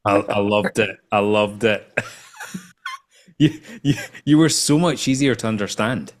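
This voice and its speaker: A man hosting a casual podcast chat, teasing and prodding the others with questions. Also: lowish voice. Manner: teasing, quick to laugh and prod with questions.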